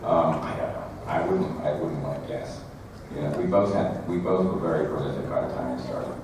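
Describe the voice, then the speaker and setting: A man, a guest actor at a fan convention panel, telling animated anecdotes and laughing through them. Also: very deep voice, fairly quick. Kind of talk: anecdotal storytelling and audience Q&A. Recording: echoey hall, from far off, loud noise.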